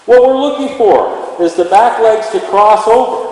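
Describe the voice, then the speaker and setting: A man's voice: high-pitched, normal speed, hardly any pauses, a little mellow. A man training a horse in an indoor arena, explaining each step and speaking to the horse as he works. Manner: talks to the horse while explaining. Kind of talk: instructional demonstration. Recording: very echoey arena with faint ambient noise.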